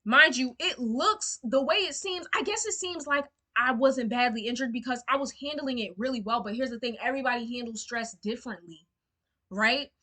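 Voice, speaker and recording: A woman's voice: on the high side, normal speed, bright, forceful tone. A young woman telling a storytime to camera, emotional and indignant, swearing freely and using lots of fillers. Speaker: storyteller vlogger.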